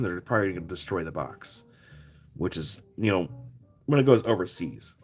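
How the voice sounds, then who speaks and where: A man's voice: medium pitch, husky. A man hosting a live rock sale stream, chatting casually and rambling, laughing often as he packs boxes and calls out numbers.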